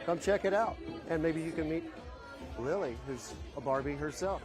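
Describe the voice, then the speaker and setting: A man reporting live from an event, interviewing a guest, talking quickly with halting restarts and fillers. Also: fairly high pitch, a loud crowd. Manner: fast, halting, with many fillers. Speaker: TV field reporter. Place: collectibles show. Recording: music playing behind.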